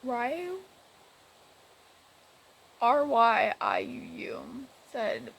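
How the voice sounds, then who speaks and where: A woman's voice: fairly high pitch, slow pace, gravelly, pauses often, bright, forceful tone, rough recording. A woman vlogger retelling a game story in a rambling, exasperated way, with many restarts. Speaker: gaming vlogger. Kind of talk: casual storytelling about a game.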